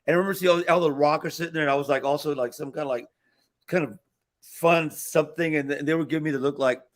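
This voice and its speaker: A man in his sixties with a fairly high, steady voice talks at a quick pace as a guest performer on a talk show broadcast live from a restaurant. He tells long, rambling anecdotes full of fillers and restarts, acting out the voices of the people in his stories.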